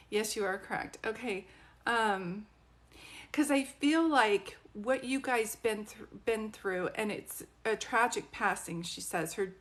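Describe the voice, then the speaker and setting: A woman's voice: mid-range voice, fairly bright tone. A woman working as a psychic medium, giving live social media readings in a chatty, rambling way and asking viewers questions.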